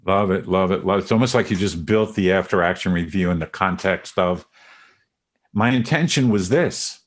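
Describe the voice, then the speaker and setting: A man's voice: sits low, fairly even intonation, a little fast. A middle-aged man hosting a casual podcast conversation, affirming and guiding the talk. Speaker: podcast host.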